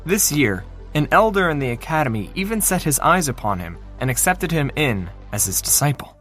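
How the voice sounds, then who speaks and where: A man narrating a fantasy novel in an expressive, dramatic reading style. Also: on the high side, brisk, soft background music. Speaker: audiobook narrator.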